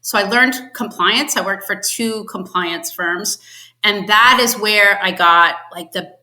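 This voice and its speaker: Bright-voiced chatty woman guest. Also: mid-range voice, a little slow, echoey room. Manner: chatty storyteller, acts out quotes with laughs. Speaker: podcast guest, finance executive. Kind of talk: casual interview chat.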